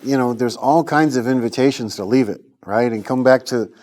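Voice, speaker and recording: Middle-aged american guy telling his story in an interview, earnest, animated, mid-pitched voice. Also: brisk. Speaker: interview guest.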